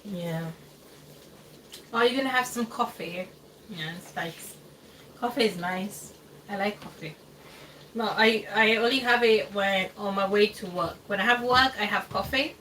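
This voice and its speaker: A woman hosting a casual cooking stream from her home kitchen speaks in a sharp, medium-pitched voice at a measured pace, pausing often. She chats aimlessly, laughs frequently, and uses hesitant fillers, captured by a distant mic with faint background noise.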